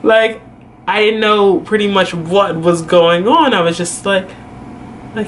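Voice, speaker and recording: A man's voice: high-pitched, unhurried, fairly bright tone, a little hiss or hum. A young man vlogger telling a personal story casually, rambling with lots of "like" and "you know".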